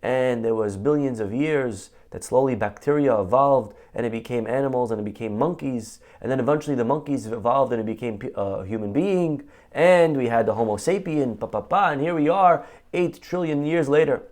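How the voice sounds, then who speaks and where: A man's voice: mid-range voice, fairly quick, hardly any pauses, darkish tone, natural voice. Man doing a rambling, lecturing dad. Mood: explaining. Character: educated father explaining evolution.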